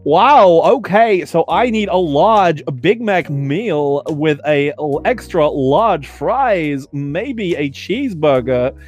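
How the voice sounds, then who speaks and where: Aussie guy doing a deadpan, halting celebrity impression at a drive-thru. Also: fairly high pitch, soft background music. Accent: Australian.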